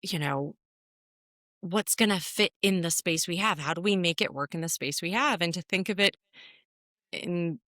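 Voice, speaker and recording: A woman co-hosting a podcast in casual chat, animated and playful, laughing often. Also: fairly low pitch, moderate pace, no room sound, studio quality. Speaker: podcast co-host.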